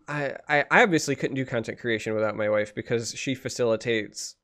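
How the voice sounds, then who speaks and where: A man co-hosting a casual podcast, rambling and animated. He restarts his sentences often and builds up energy as he tells a story, at an ordinary middle pitch. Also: a little fast. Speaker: podcast co-host. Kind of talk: casual chat.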